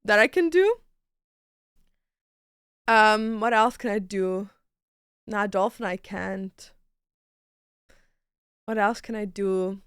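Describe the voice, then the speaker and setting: Bright, playful young woman streamer. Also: mid-range voice, slow pace, pauses often, clean tone, dry recording, studio quality. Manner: playful, crude, laughs a lot. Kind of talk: casual livestream chat.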